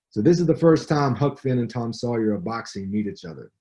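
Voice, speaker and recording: A man's voice: medium pitch, expressive, fast talker, few pauses, warm tone. A man, the author, reading from his book and adding commentary in a conversational storytelling way.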